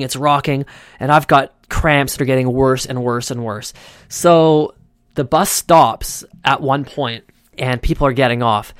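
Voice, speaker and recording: A man's voice: mid-range voice, dry recording, studio quality. A man hosting a podcast, telling a personal story in a chatty, rambling way with lots of fillers and restarts. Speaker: podcast host. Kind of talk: casual storytelling monologue.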